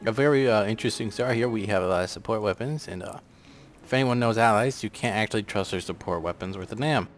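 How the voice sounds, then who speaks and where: A man giving rambling, sarcastic casual commentary on a strategy game, swearing offhandedly. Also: fairly low pitch. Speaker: gameplay commentator.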